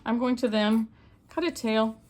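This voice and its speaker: A woman's voice: a little high, measured pace, darkish tone, slight background noise. Chatty woman talking through loom knitting. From Canada. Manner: chatty, homey, talks step by step while working. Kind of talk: hands-on craft tutorial.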